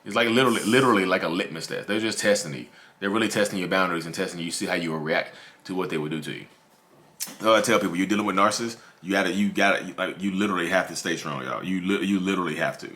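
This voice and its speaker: A low-pitched, bright and forceful voice races through a casual to-camera talk on narcissism. The man hosts his own channel, says things repeatedly and calls his viewers "y'all."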